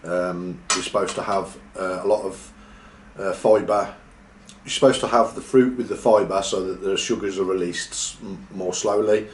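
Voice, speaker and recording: A man's voice: deep voice, steady tone, moderate pace, slight background noise. A man chatting casually while eating, sometimes talking with his mouth full, for a mukbang video. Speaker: vlogger. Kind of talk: mukbang chat. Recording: echoey room.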